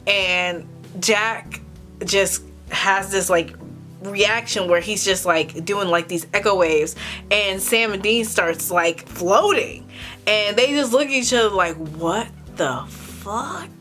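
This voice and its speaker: A young woman hosting her own vlog, recapping a TV episode in a casual, animated way and swearing freely. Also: mid-range voice, slow, soft background music. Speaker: vlog host.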